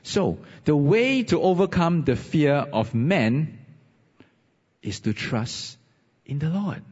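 A man preaching a sermon and telling a personal story, animated with rising emphasis. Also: a little high. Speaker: pastor. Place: church hall. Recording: husky voice, dull sound, long reverb.

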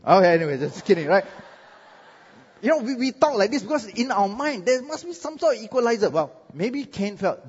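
A male pastor with a Singaporean English accent preaches, his voice a bit husky and swinging widely up and down. He jokes and checks in with the crowd. The sound is muffled, with a long hall echo. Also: sits high. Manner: lively, joking, asks the crowd "right?". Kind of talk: sermon.

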